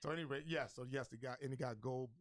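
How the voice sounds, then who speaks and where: A man who is a guest on a talk radio show, telling a funny story in an animated, joking way with plenty of street slang. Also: mid-range voice, quick pace, dry recording, studio quality. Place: radio studio.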